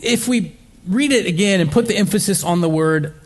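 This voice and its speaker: A man with a fairly high voice delivers a sermon to his congregation. He talks in a loose, conversational way, starting sentences over and dropping in fillers as he explains the passage. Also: moderate pace, in a large hall. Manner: conversational preaching with fillers and restarts. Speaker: pastor.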